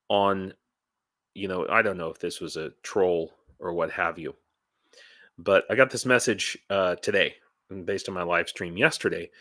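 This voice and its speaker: A man talking casually on his vlog, halting and rambling with many restarts, tired and dehydrated, blunt and ranty. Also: low voice, sharp tone, no echo, studio quality. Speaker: YouTuber and volunteer in Ukraine.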